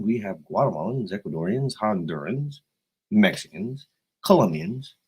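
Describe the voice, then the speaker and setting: An American man rambling profanely on a livestream, jumping between loud outbursts and quiet asides. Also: lowish voice, breathy edge, poor audio. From United States. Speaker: livestream host. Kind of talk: rambling casual livestream chat.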